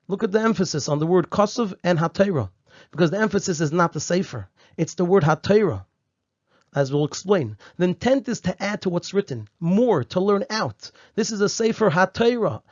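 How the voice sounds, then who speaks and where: A man with a fairly high voice works through a Torah text step by step, repeating key phrases and saying Hebrew terms the Ashkenazi way. The recording is dry and a little dull. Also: no room sound. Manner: uses Hebrew and Yiddish terms in Ashkenazi pronunciation. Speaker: Torah teacher. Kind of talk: explaining a Torah text line by line.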